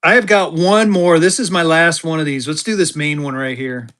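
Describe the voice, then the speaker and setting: Upbeat male livestream seller, slightly high voice, chatty and excited auction patter. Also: moderate pace. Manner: excited, chatty, talks straight to viewers. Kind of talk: live auction stream chat.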